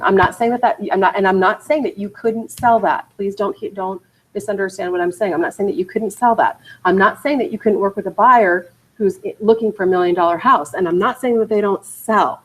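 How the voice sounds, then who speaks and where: A woman's voice: mid-range voice, brisk, low-quality recording. Emphatic woman teaching a training class. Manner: energetic, repeats "okay" and "you guys", emphatic. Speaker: real estate trainer. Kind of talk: training lecture to agents. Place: training room.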